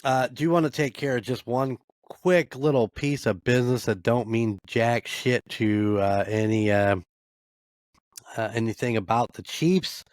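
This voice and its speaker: A man's voice: mid-range voice, measured pace, no room sound, clean studio sound. A middle-aged man hosting a podcast alone, giving a casual, blunt sports recap full of swearing and rambling asides. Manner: blunt, swears freely, rambling with many fillers. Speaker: podcast host.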